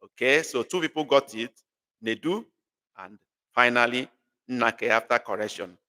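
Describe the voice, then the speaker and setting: Nigerian male tutor, bright and forceful, playful, calls students by name, long room reverb. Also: medium pitch, moderate pace. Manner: teasing, repeats phrases, calls on students by name. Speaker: language tutor. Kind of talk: live online class.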